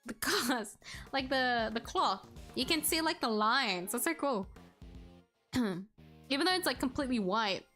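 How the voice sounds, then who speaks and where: A woman's voice: sits high, expressive, measured pace, pushed and bright, faint music behind. A woman chatting casually as she plays a game, rambling with lots of fillers. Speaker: streamer.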